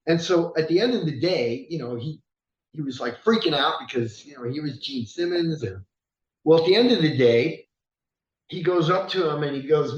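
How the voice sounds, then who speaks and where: A rock singer chats through an interview, animated and loose, swearing freely and laughing as he tells stories. His voice sits a little high, and the room rings around him. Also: normal speed. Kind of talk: casual storytelling interview. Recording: roomy echo.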